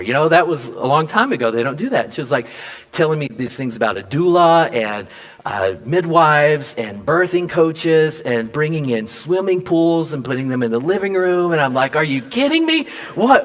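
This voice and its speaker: A man preaching a sermon, telling a personal story and acting out the dialogue with lively swings in his voice. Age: adult father. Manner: animated, acts out quoted dialogue with big pitch jumps. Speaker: pastor.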